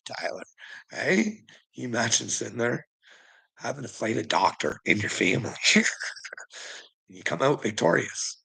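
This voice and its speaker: Gravelly, rambling, profane man. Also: mid-range voice, lively intonation, unhurried, long pauses, bright, forceful tone, rough recording. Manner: profane, rambling, laughs often. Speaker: vlogger. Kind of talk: casual rambling monologue.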